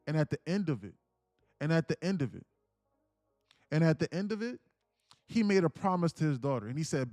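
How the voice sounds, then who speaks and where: A man's voice: fairly high pitch, very animated, brisk, long pauses, darkish tone, no room sound. A young man telling an emotional story on a live stream, earnest and preachy, repeating himself, swearing casually and near tears. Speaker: day trading streamer.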